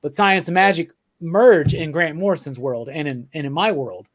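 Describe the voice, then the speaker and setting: A man's voice: fairly high pitch, moderate pace. A man co-hosting a podcast, chatting about comics with enthusiasm, rambling and restarting, often checking in with "right?". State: drinking beer while talking. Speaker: podcast co-host. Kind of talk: casual comics chat.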